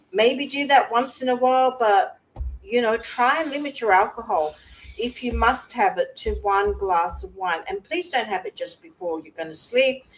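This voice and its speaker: A woman hosting a casual live wellness talk, chatty, pausing on fillers and laughing often. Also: a little high, low-quality recording. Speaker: wellness host.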